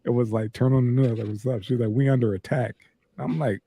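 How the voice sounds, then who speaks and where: A man's voice: mid-range voice, fairly even intonation, fast talker, vocal fry, warm tone, breathy edge. A man on a podcast chatting casually, blunt and heavy on swearing, laughing as he talks. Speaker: podcast co-host. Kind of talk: casual chat. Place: podcast studio.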